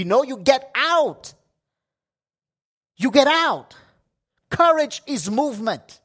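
Slow, emphatic male preacher. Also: very high-pitched, very animated, a bit bright. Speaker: pastor. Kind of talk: sermon. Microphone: livestream setup.

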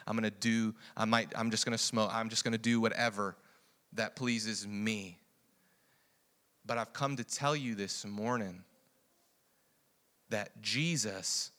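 A man preaching a sermon, going from quiet reflection to loud, excited storytelling with frequent laughter. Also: lowish voice.

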